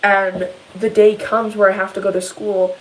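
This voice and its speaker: A teenage girl telling a long, rambling story in a casual vlog, upset and animated as she retells it. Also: medium pitch, moderate pace, rough recording. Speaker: vlogger.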